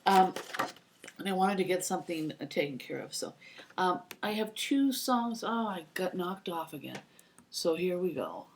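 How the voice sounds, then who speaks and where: A woman's voice: lowish voice, animated, normal speed, slight background noise. A woman in her fifties telling rambling personal stories to her computer mic, acting out the voices of the people she quotes. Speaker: vlogger. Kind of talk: casual anecdotal storytelling.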